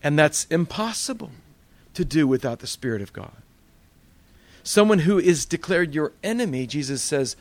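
A man's voice: a little high, expressive, moderate pace. A male pastor teaching a Bible study in a conversational sermon style, full of rhetorical questions.

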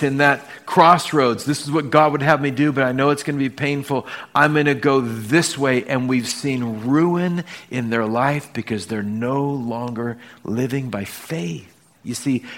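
A man's voice: mid-range voice, fairly bright tone. Man preaching a storytelling sermon. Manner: storytelling with acted-out dialogue, varied emphasis. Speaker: pastor.

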